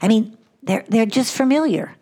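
A woman's voice: fairly high pitch, expressive, normal speed, mellow. An older woman hosting a devotional podcast, talking in an earnest, reflective way and repeating words for emphasis. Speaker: podcast host.

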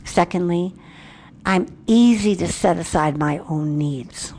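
A woman giving a candid, self-reflective Christian devotional talk with a brisk, emphatic delivery. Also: on the low side, darkish tone, a little hiss or hum. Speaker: Christian speaker.

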